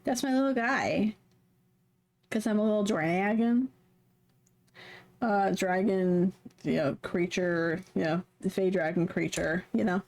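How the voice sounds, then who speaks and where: A woman's voice: medium pitch, measured pace, long pauses, a little mellow. A woman streamer chatting casually, rambling and playful, poking fun at herself. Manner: rambling, playful, self-mocking.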